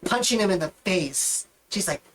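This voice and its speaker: A woman's voice: medium pitch, lively intonation, moderate pace, slight background noise, rough recording. A woman narrating a tabletop game as game master in a casual, rambling way. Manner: casual, rambling, with many fillers.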